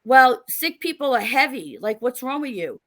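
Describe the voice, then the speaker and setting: A middle-aged woman, a guest author on a podcast, tells stories in a lively, laughing way and acts out the people she quotes. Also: high-pitched, moderate pace. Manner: animated, laughing storyteller acting out quotes. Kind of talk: casual interview storytelling.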